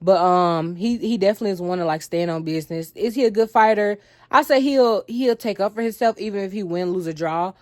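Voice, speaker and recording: A woman's voice: medium pitch, a little fast, few pauses, a little mellow, dry recording, clean studio sound. A young adult woman giving a candid, chatty review of a reality show, blunt and playful in her remarks. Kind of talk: casual review vlog.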